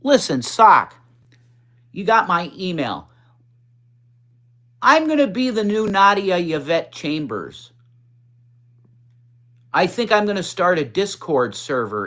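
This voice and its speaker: A man hosting a casual livestream, chatting with viewers and reading comments in a blunt, profane, rambling way. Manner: blunt, profane, chatty, swings up in pitch when excited. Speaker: livestream host. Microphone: phone.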